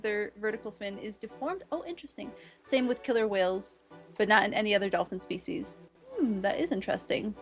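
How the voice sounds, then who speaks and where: A woman streamer and biologist chatting casually while playing a game, explaining with enthusiasm and laughing often. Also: a little high. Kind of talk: casual game-play commentary.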